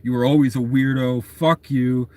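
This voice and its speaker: A man's voice: mid-range voice, steady tone, moderate pace, warm tone, dry recording, natural voice. A spiteful half-dragon young woman, as a man puts her on. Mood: furious. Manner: hurling insults.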